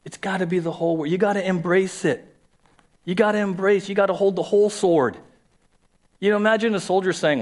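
A man's voice: high-pitched, lively intonation, a little fast. A man preaching a sermon as a pastor in a conversational way, repeating key phrases and acting out quoted voices.

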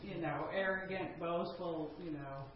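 A woman in a Bible study group reading a verse aloud and commenting on it softly. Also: on the low side, unhurried. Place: room with a small group. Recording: very echoey room heard from afar, lo-fi.

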